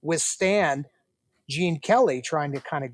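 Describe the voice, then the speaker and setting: A man's voice: on the high side, measured pace, no room sound, clean studio sound. A man in his sixties, a podcast guest who tells family stories and acts out the dialogue. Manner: animated storyteller, acts out quoted dialogue. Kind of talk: storytelling interview.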